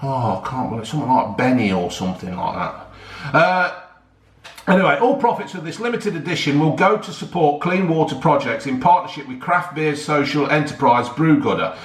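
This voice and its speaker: A chatty man talks to his viewers in a loose, rambling way, tripping over tricky words and calling everyone "folks". His voice sits a little high for a man. The sound is roomy, with a clear echo around him. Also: expressive, moderate pace. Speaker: YouTuber reviewing a beer. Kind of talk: casual rambling chat to viewers.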